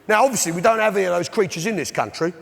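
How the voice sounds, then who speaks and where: A man's voice: sits high, expressive, rapid-fire, vocal fry, big-room sound. A middle-aged English man doing stand-up in a blustering, bellowing, indignant manner, working a live audience. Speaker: stand-up comedian in pub landlord character. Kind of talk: stand-up comedy. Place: large theatre with live audience. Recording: live theatre recording with crowd laughter. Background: audience laughter.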